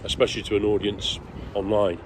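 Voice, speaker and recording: A man's voice: lowish voice, little pitch movement, brisk, crowd noise. A man hosting a casual interview while walking outdoors, encouraging his guest and agreeing often. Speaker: interviewer and channel host. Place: outdoors in a hillside village, walking. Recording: outdoor recording with street noise.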